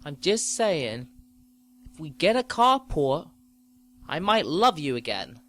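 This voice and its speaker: A man's voice: on the high side, sing-song, takes it slowly, a bit bright, full character voice. A man playing an elderly husband who pleads with his wife, then curses her, in a comedy podcast bit. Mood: pleading.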